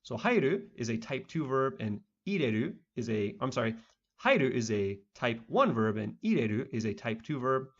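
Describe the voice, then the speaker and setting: A man teaching a beginner language lesson online in a relaxed, conversational way with lots of fillers. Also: mid-range voice, normal speed, lo-fi sound.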